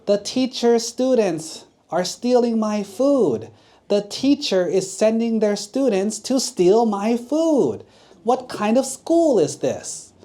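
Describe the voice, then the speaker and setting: A monk voicing an old woman who is upset that her food was stolen, speaking slowly and indignantly in a children's story. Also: mellow, natural voice. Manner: shrill, slow indignant complaining.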